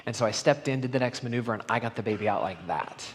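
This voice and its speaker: A man's voice: medium pitch, fast, slight background noise. A middle-aged man giving a conference talk, telling stories and acting out the dialogue with animation. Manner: animated, acts out quoted dialogue. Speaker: conference speaker. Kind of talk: storytelling keynote talk. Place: conference hall. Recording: long hall reverb.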